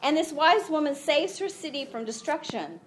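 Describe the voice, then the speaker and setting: Speaking to a group of women, a high-pitched woman gives a chatty Bible lesson at a moderate pace, with a little noise in the background. Quoted lines get acted out in a lifted, rising voice, and "you know" comes up often in her lively delivery.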